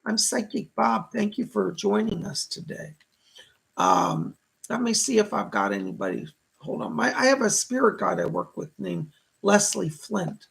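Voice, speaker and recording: A man hosting live psychic readings, thanking donors and relaying spirit messages in a slightly hoarse voice. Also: sits high, wildly swooping pitch, unhurried, fairly bright tone, poor audio. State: hoarse, voice going. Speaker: psychic medium host.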